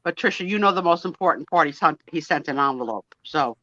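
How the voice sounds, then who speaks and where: A woman's voice: sits low, quick pace, dry recording. A middle-aged woman, telling stories in a casual chat on a video call. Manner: chatty, storytelling, animated. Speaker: guest on a live sale chat. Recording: dry, dull lo-fi call audio.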